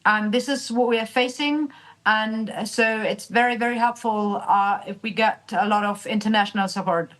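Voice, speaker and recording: German-accented woman, higher voice. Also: normal speed, a bit bright, rough recording. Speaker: politician guest. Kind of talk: remote interview.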